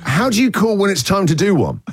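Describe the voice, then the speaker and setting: A man hosting a radio show, teasing and joking in quick, incredulous banter. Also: high voice, very animated, breathy edge, soft background music. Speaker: radio host.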